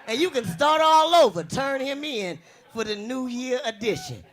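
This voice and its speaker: A young woman from the US West Coast doing a brash, bawdy stand-up comedy routine with a big voice and loud punchlines. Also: sits high, expressive, normal speed.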